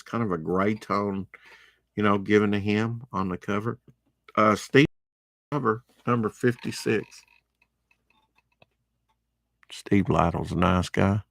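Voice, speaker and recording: Slow, gravelly man chatting about comics. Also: lowish voice, no room sound, clean studio sound. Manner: rambling, chatty, opinionated asides. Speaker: comic book vlogger. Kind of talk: casual comic unboxing commentary.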